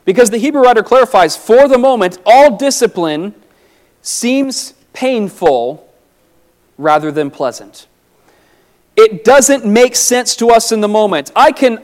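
A man preaching a sermon, earnest, rising to emphatic peaks and dropping low and soft on reflective lines.

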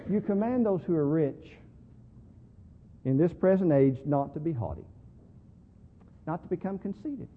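A man preaching a sermon, moving between quiet talk and loud, slow emphasis on key words. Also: fairly high pitch, lively intonation. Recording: tinny phone-like sound in a reverberant hall.

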